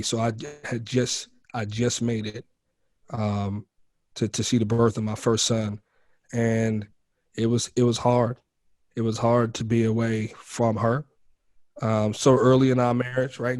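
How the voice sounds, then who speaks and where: A man's voice: medium pitch, darkish tone, no echo, studio quality. A man as a podcast guest, candidly telling his life story in casual talk, calling the host bro and man.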